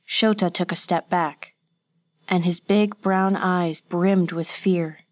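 A woman narrates an audiobook from a script, keeping her storytelling steady and measured. Her voice is on the lower side.

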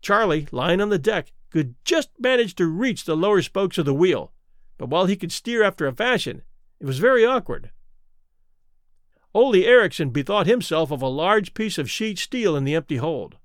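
A man reading a classic adventure story aloud as an expressive narrator. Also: high-pitched, moderate pace, no room sound, studio quality. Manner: expressive, rises and falls with the action. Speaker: audiobook narrator.

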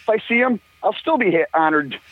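An older man tells long, rambling stories about his old band, swearing freely and breaking into laughs. His voice sits a bit high for a man. It comes through a thin, phone-like line with no room sound at all. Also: animated, fairly quick, no room sound. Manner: rambling, profane, laughing often. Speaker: musician guest. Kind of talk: casual storytelling. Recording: tinny phone line, dry.

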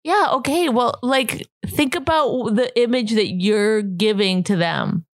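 A woman in casual comedic banter, teasing and mocking in a rapid-fire way. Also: on the high side, no room sound, clean studio sound.

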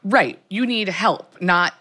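A woman's voice: mid-range voice, slow, bright, forceful tone. A woman in her thirties co-hosting a podcast, mostly listening and reacting with short wry interjections in casual chat. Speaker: podcast co-host.

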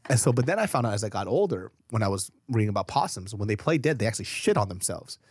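A man as a podcast guest in casual chat, telling stories in an animated, profane way. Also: fairly low pitch, quick pace, no room sound, clean studio sound.

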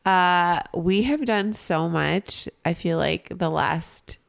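A woman's voice: on the low side, slow pace, vocal fry. A woman co-hosting a podcast in casual chat, teasing her partner and laughing often. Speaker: podcast co-host.

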